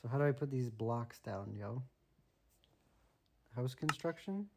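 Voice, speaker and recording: A man's voice: mid-range voice, lively intonation, measured pace, creaky, background noise. A man playing a video game with his son at home, joking and asking lots of bemused questions, recorded on a tablet. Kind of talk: casual gameplay commentary. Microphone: tablet microphone.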